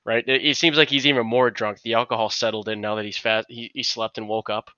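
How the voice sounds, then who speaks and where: A man's voice: medium pitch, flat delivery, fast, sharp tone, smooth, no echo, muffled recording. A man co-hosting a podcast, telling a long anecdote in casual chat, rambling with many restarts and acted-out quotes. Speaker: podcast co-host.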